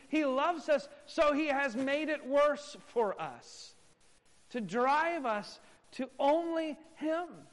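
A male pastor preaching a sermon emphatically, moving from loud stresses to hushed asides. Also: very high voice, long reverb tail.

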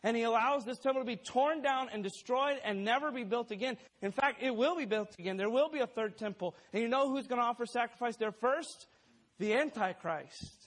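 A man's voice: very high-pitched, brisk, a bit bright. A man preaching a sermon in an emphatic way, laying out numbered points and quoting scripture aloud.

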